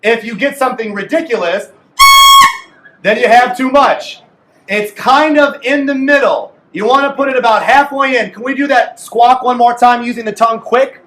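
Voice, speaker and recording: A man with a very high voice leads a group clarinet lesson in a playful, coaching way. He is recorded from a distance in an echoey room with a little background noise. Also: normal speed, fairly bright tone. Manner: playful, coaching a class aloud. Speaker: music teacher.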